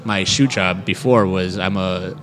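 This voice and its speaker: A man's voice: low voice, unhurried, a bit bright. A young man, a wrestler, telling a story in a casual interview, rambling with lots of fillers and acting out quotes. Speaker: professional wrestler.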